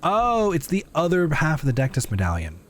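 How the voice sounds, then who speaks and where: A man's voice: mid-range voice, big pitch swings, fast talker, a little hiss or hum. A young man streaming a game live, chatting in self-mocking asides as he plays. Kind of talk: live gameplay commentary.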